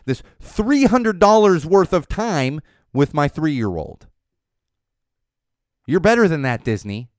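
A man in his thirties hosts a casual solo podcast, telling stories with lots of swing in his voice and dropping into muttered asides. His voice is smooth and resonant. The sound is dry and close. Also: a little high, no echo. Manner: animated storytelling, ranting, drops to muttering asides. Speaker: podcast host.

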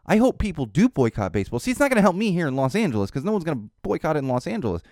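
A man's voice: fairly high pitch, big pitch swings, rapid-fire, darkish tone, dry recording, studio quality. A man hosting a podcast, ranting sarcastically in a casual opinion monologue, with restarts and laughs. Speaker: podcast host.

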